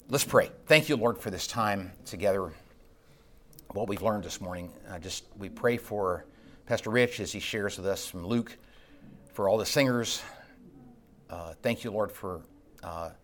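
A man teaching a Bible class in a conversational way, stopping to restart his phrases, then rising with passion and falling quiet again. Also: moderate pace, slight background noise. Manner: passionate, builds up then drops low. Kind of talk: teaching sermon.

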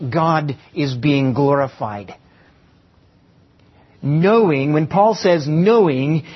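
A man's voice: fairly high pitch, husky. A man preaching a sermon to a congregation in church, asking them rhetorical questions and repeating key phrases for emphasis. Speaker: pastor. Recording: dull lo-fi sound.

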